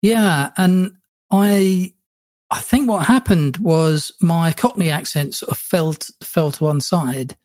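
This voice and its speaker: A man's voice: fairly high pitch, slow, a little mellow, dry recording. A man from England, a podcast host with a received pronunciation accent, chatting easily and laughing often. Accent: received pronunciation English. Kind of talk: casual conversation.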